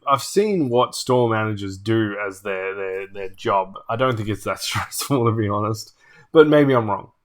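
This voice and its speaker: A man, a tabletop channel host telling a story casually, with animated, laughing asides. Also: medium pitch.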